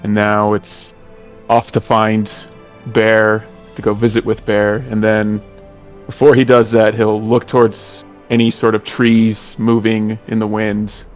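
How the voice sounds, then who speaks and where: Male player, low even voice, casual hesitant narration of his character's actions. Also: slow, faint music behind. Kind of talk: casual tabletop role-play.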